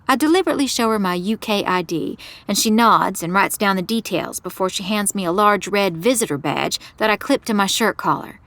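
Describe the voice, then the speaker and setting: A woman's voice: medium pitch, animated, normal speed, few pauses, a bit bright, no echo. Woman narrating a story in a dry studio. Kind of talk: first-person scripted narration.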